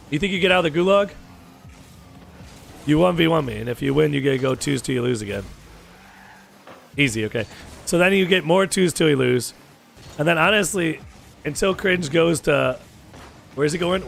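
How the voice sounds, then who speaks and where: Hoarse young male streamer with a raised, gravelly voice. Easygoing, profane game chatter. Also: a little high. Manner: chatty, swears freely, calls people dude. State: hoarse, sore throat. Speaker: gaming streamer. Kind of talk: casual gaming chat with viewers. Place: home gaming setup.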